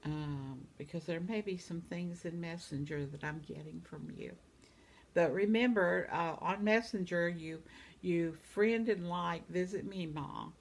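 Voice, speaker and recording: Woman, 70s, vlogger. Slow, gravelly, chatty, laughs a lot. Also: lowish voice, slight background noise. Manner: chatty, laughs often, reads comments aloud. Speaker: vlogger reading viewer comments. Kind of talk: casual chat. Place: home.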